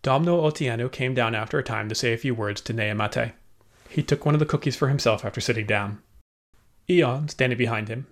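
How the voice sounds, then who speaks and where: A man narrating an audiobook with steady storytelling. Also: mid-range voice.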